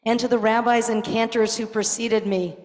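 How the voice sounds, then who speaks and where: A woman's voice: a little high, fairly even intonation, moderate pace, darkish tone. A middle-aged woman rabbi giving a gala tribute speech, earnest with touches of self-deprecating humor. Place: large banquet hall. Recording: echoey hall with crowd murmur. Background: faint crowd noise.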